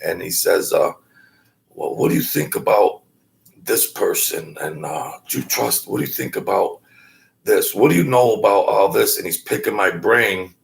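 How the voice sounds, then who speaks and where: A man telling a story in a halting way, with many fillers and restarts, acting out the voices of the people he quotes. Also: lowish voice, lively intonation, creaky. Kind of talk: casual storytelling.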